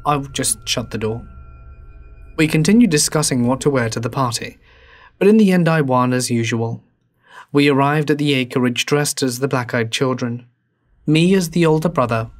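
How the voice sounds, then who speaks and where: A man narrating a horror story in a low, hushed, drawn-out delivery.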